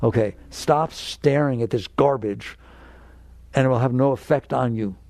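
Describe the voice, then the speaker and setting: Gravelly emphatic man teaching. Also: medium pitch, unhurried, a little mellow, dry recording. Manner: emphatic, direct, acts out inner voices in quotes. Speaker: spiritual teacher. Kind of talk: spiritual talk to an audience.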